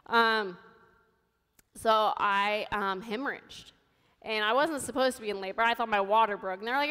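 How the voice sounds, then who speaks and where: A woman's voice: fairly high pitch, moderate pace, a bit bright, clear, resonant tone, in a large hall. A woman in her thirties giving a sermon, telling her own story in a candid, conversational way. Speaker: preacher. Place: church sanctuary.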